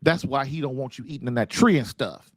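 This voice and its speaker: A man's voice: medium pitch, brisk, dry recording, studio quality, pitched below the performer's own voice, lightly acted. A man voicing a sly male serpent devil who coaxes and wheedles. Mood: coaxing. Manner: coaxing, wheedling.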